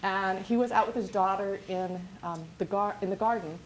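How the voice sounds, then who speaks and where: A woman's voice: mid-range voice, moderate pace, poor audio. Woman, workshop lecture, many restarts, faint background hiss. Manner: energetic, rambling with many restarts. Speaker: business coach.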